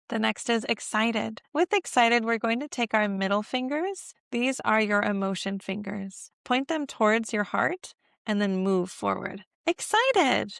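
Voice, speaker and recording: Woman, 30s, parenting teacher, gravelly edge, dry close sound, sing-song baby-talk delivery. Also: mid-range voice, a bit bright, no echo. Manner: sing-song, exaggerated baby-talk when modeling signs. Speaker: parenting educator. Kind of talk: teaching baby sign language to camera.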